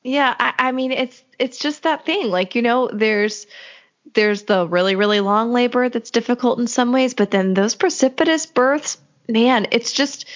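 A woman hosting a casual conversation, supportive and quick with short reactions. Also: mid-range voice. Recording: dull lo-fi recording.

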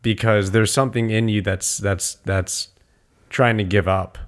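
A man's voice: on the low side, steady tone, unhurried. A man in casual podcast chat, talking in a defiant, intense way with plenty of swearing. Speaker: podcast co-host.

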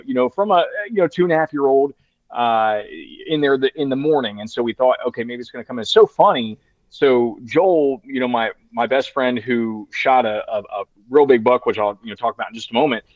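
A man's voice: mid-range voice, no echo. Man, 30s, casual storytelling, rambling, lots of fillers and restarts, dry close sound, slightly muffled. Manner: rambling, heavy use of "you know" fillers and restarts.

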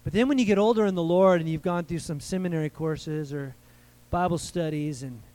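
Male American pastor, light high voice, casual preaching style with audience call-and-response. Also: a little mellow, rough recording. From United States. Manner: conversational preaching, asks the crowd for amens. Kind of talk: sermon.

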